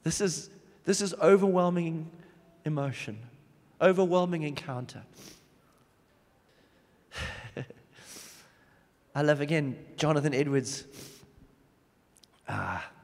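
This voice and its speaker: A man preaching a sermon, swinging from loud emphatic bursts to hushed low drops. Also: unhurried. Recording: long reverb of a big hall.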